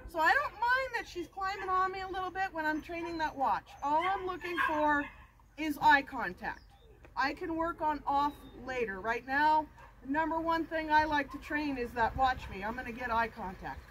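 A woman's voice: high-pitched, normal speed, very noisy. A woman dog trainer in an instructional video, switching between explaining to viewers and cheerfully praising and coaxing a puppy.

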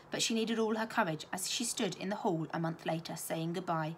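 A woman teacher reading a children's novel aloud with expressive storytelling. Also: on the low side, moderate pace, few pauses, slight background noise.

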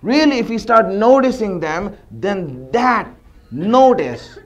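A man's voice: high voice, sing-song, slow pace. A man giving a conversational sermon, telling a story with lots of repetition. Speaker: religious speaker.

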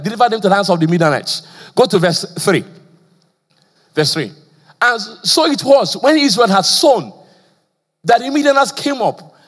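A man's voice: sits high, a bit bright, breathy edge. A male pastor from Nigeria preaching a sermon with call-and-response questions, a slight stammer and frequent "praise the Lord.". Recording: long church hall reverb.

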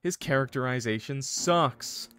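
A man's voice: mid-range voice, unhurried, bright, forceful tone, smooth. A man voicing a smug, cocky male guardian angel, reading game dialogue in a playful, sly drawl. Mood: teasing.

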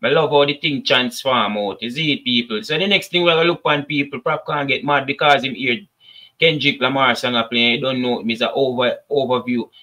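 A Jamaican man talks straight to his viewers in easy patois, running a casual commentary show. His voice is bright and forceful, with plenty of push behind it. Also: medium pitch, steady tone, fairly quick. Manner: chatty, addresses viewers as people, patois asides. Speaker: commentary channel host.

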